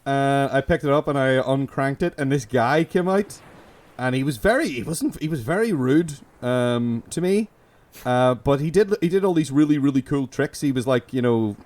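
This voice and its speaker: A man's voice: medium pitch, expressive, normal speed, a little mellow. Rambling Belfast man, co-host. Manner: rambling, self-interrupting, giggly. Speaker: podcast co-host. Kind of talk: comedic improvised sketch chat.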